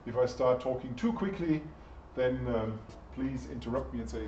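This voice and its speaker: A man's voice: medium pitch, moderate pace, hardly any pauses, warm tone, a little hiss or hum. A man giving a chatty university lecture and putting questions to the class. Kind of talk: interactive lecture. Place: lecture room. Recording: echoey, distant, dull lecture-room recording.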